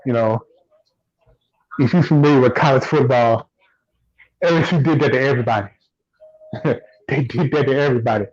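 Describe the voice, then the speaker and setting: Relaxed man talking football, lo-fi. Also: mid-range voice, moderate pace, pauses often. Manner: relaxed, repeats himself while thinking. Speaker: podcast co-host. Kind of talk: casual sports chat.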